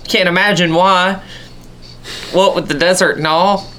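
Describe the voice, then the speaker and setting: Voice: medium pitch, fairly even intonation, unhurried, bright, forceful tone, a little hiss or hum. Game master doing a folksy tribal king. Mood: jovial. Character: welcoming male tribal king, folksy and formal.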